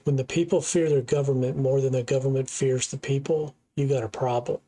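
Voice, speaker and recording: A man's voice: medium pitch, steady tone, a little fast, dark tone. A middle-aged man from the United States hosts a reaction video with earnest, opinionated commentary. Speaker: reaction channel host. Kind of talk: casual commentary.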